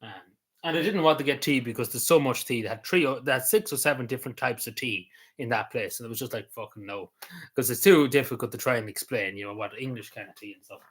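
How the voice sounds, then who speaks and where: A man's voice: medium pitch, fast, fairly bright tone. An Irish man streaming a casual chat. He rambles loosely, with lots of ums, uhs and likes. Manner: meandering, full of ums and likes.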